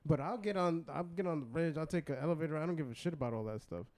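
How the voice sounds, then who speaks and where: A woman co-hosting a podcast, telling stories in a blunt, profane, lively way. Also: low-pitched, fast. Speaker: podcast co-host. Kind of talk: casual chat.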